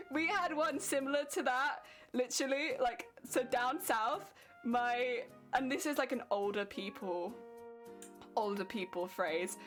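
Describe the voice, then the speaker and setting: A young British woman chatting casually with her stream viewers from home, chatty and quick to laugh. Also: a little high, fairly bright tone. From Britain. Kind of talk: casual chat with stream viewers while crafting. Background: faint music.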